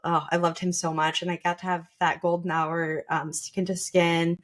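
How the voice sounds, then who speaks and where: A woman's voice: fairly low pitch, little pitch movement, normal speed. A young woman podcast host telling her birth story in a casual, chatty way, full of quoted asides.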